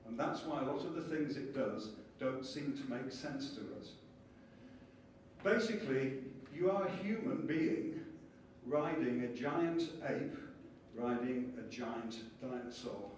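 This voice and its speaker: A man giving a lively conference lecture and explaining ideas with small acted-out scenes. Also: medium pitch, unhurried, slight background noise. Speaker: conference speaker. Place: conference hall. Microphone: distant from the mic. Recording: echoey hall from far off, faint ambience.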